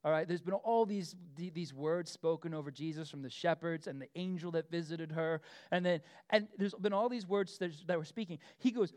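A middle-aged man preaching a casual, animated sermon, full of asides, fillers and quick questions to the room. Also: a little high. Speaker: pastor.

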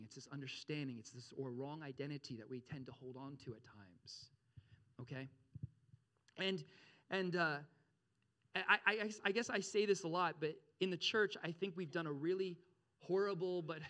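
Man, pastor, sermon, slightly high voice, animated, repetitive emphasis. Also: normal speed. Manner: animated, addresses congregation with frequent check-ins; repeats phrases, rises in pitch and volume for emphasis.

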